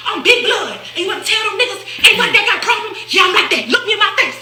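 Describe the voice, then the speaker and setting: A woman's voice: very high voice, expressive, racing, a loud crowd, pitched above the performer's own voice. A woman mimicking a swaggering, boastful young man, laughing through the lines. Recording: echoey room.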